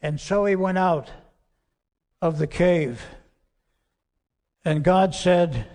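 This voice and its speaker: A man preaching a sermon as pastor, slow and emphatic, dropping soft and quiet on key words, recorded in a church. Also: high-pitched. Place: church sanctuary. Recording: long church hall reverb.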